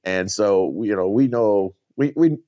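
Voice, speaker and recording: A man's voice: on the low side, unhurried, warm tone, no room sound, muffled recording. A man co-hosting a podcast, chatting casually and telling rambling stories, quoting the people he met, with small chuckles. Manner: rambling storyteller, quotes others, chuckles. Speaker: podcast co-host, rancher.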